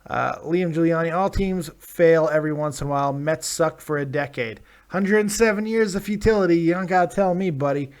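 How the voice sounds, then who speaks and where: A man's voice: on the high side, fairly quick, hardly any pauses. A tired man hosting a live reaction stream, casually reading chat comments aloud with plenty of swearing and laughter. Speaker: live-stream show host.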